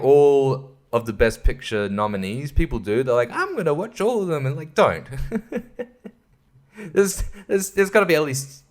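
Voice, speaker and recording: A man hosting a podcast, giving a casual and profane film review rant, rambling and exasperated and stumbling over his words. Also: medium pitch. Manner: stumbles and laughs between thoughts. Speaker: podcast host.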